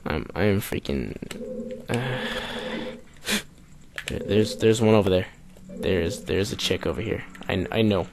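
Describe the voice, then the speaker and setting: A man hosting a let's play, cursing and exasperated as he comments on his game, jumping between loud outbursts and low mutters. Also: lively intonation, unhurried, creaky, pauses often, background noise. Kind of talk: gameplay commentary.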